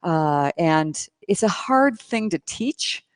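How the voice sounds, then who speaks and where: A woman guest, the conference chair, explaining her field in a casual interview at a conference, lively and enthusiastic with frequent ums. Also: on the low side, takes it slowly, no room sound, clean studio sound. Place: conference venue.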